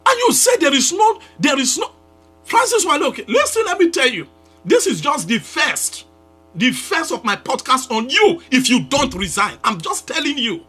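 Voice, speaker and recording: A Nigerian pastor, a man with a Nigerian English accent, rails at his target in a fiery live address. His voice sits high and sharp, leaping up and down as he repeats his demands and breaks into shouts. Soft music plays underneath. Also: sing-song, moderate pace.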